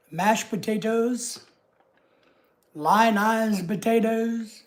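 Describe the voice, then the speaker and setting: A woman's voice: on the high side, animated, slow pace, darkish tone. A woman with a Southern US accent hosting a livestream, chatting casually with viewers in a rambling, homey way. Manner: rambling and homey, chatting easily with frequent asides. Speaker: livestream host.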